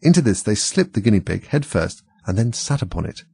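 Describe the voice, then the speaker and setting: A man reading a storybook aloud in a steady, plain way. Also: fairly low pitch, a little fast, creaky, slightly rough, dry recording. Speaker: audiobook reader.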